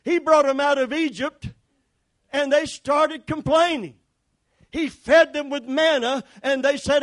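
A man's voice: very high voice, steady tone, measured pace, a bit bright. A man pastor preaching a sermon with emphatic repetition and calls for the congregation to respond.

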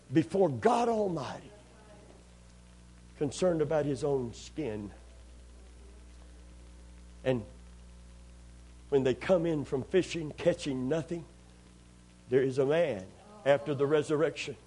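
Husky guy preaching, kinda high voice, acts out the story, loud then quiet. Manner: animated storytelling, acting out scenes, swings from loud to hushed. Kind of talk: sermon.

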